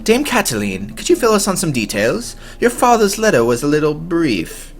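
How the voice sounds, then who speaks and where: A man voicing a dignified, stiff lawyer in a game, with a put-on British accent and a low, measured, formal delivery. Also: big pitch swings, faint music behind. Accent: mock British.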